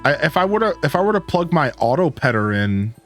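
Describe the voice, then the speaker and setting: A man's voice: fairly high pitch, big pitch swings, brisk, faint music behind. A young man chatting casually and greeting viewers while he plays a farming game on a live stream. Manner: laid-back, chatty, greets chat.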